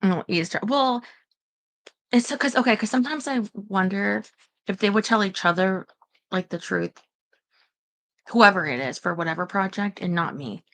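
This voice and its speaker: A woman's voice: mid-range voice, normal speed, pauses often, a bit bright. A woman rambling anxiously in casual livestream chat, talking straight to her viewers.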